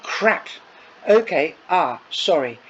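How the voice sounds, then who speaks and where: A man's voice: on the high side, takes it slowly, a bit bright. A man doing a bossy young woman, firm and commanding. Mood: flustered. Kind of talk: audiobook reading. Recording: dull lo-fi with faint noise.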